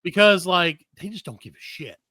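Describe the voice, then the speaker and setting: Man, podcast host, animated storyteller, high voice, dry room. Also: moderate pace, dry recording. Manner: animated, acts out the other people in his story. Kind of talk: casual storytelling chat.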